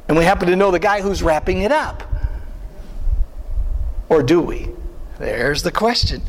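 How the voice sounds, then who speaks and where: A man preaching a sermon as pastor, animated and full of rhetorical questions and asides to the congregation. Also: sits high, a little slow, long pauses, a little hiss or hum. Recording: long hall reverb.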